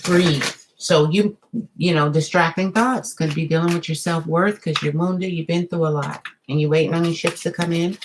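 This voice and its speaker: Woman, low voice, tarot reader, chatty, drawn-out phrasing. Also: steady tone, noisy background. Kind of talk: live tarot reading.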